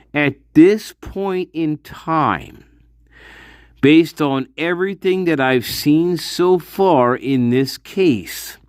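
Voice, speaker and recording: Guy hosting a crime chat show, swears a lot, rambles, slow and drawn out. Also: a little high, no echo, clean studio sound. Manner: animated, profane and rambling, with sudden outbursts. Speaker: host of a true-crime discussion channel. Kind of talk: casual commentary.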